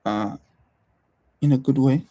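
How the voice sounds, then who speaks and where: A young man with a non-American accent talks through his thoughts on a livestream. His voice is mellow and relaxed, and he speaks in a thoughtful, halting way with frequent pauses and restarts. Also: medium pitch. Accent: non-American English accent. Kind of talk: casual reflective livestream talk.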